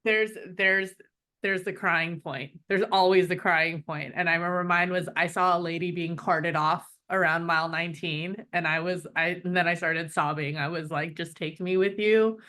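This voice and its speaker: Low-voiced woman sharing a marathon memory. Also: fairly even intonation, pushed and bright. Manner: supportive, laughing, quick back-channel replies. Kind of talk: casual chat.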